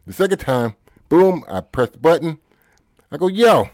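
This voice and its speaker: A man's voice: a little high, sing-song, moderate pace, dark tone, no echo. A man from the United States tells stories with emphatic, swinging intonation and plenty of swearing. He keeps checking that the listener follows him. The recording is dry and close. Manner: emphatic, repeats "you know what I mean", swears. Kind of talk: casual chat, storytelling.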